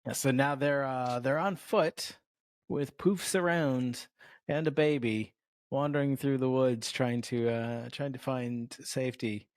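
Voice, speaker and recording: A man co-hosting a podcast, adding wry comments to a film recap and trailing off into quiet asides. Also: mid-range voice, steady tone, unhurried, no echo. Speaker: podcast co-host. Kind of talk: casual film discussion.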